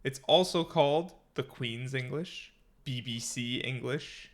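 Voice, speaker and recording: A man co-hosting a casual podcast, his voice sitting in a middle pitch. He rambles and restarts freely and chuckles often. His delivery is loose and conversational. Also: unhurried. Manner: chatty, rambling, laughs often. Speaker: podcast co-host. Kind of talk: casual chat.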